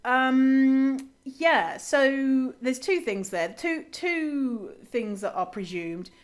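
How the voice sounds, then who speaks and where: A woman's voice: high-pitched, extremely slow. A woman hosting a solo podcast, sarcastic and chatty, rebutting quotes she reads aloud. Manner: frequent fillers and restarts, laughs often. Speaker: podcast host.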